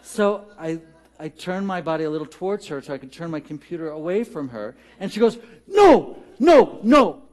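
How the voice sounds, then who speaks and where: A minister in a church sanctuary delivers a storytelling sermon, speaking to his congregation directly in a conversational, humorous way. His voice is a little high and a little mellow, and his pace is brisk.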